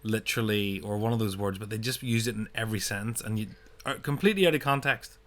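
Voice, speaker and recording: A man co-hosting a casual podcast chat, playful and quick to slip into silly voices when telling a story. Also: lowish voice, fairly bright tone. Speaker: podcast co-host.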